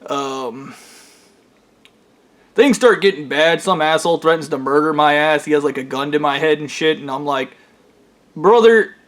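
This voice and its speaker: A man's voice: fairly high pitch, steady tone, normal speed, a bit bright. A man telling a long personal story in a casual, rambling monologue, swearing freely and stumbling through fillers and restarts. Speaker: storyteller recounting his own experiences.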